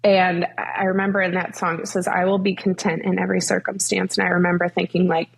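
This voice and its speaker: A woman's voice: on the low side, flat delivery, a little fast, creaky, slightly rough. A young woman guest in a faith interview, telling her story earnestly with many fillers.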